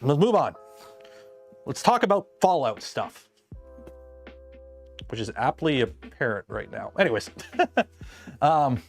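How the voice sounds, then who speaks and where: A young man chatting casually and rambling on tangents while he works on a build during a livestream. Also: mid-range voice. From Canada. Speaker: livestream host.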